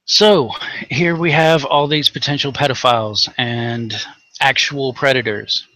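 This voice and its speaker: A Southern man from Tennessee rants with biting sarcasm and a steady stream of swearing. His voice is bright and forceful at an average pitch. The sound is dry and close, with no room around it. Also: measured pace, dry recording. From Tennessee, USA. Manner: angry, sarcastic, heavy swearing, mocking voices. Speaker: co-host of a rant show. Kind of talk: profane ranting commentary.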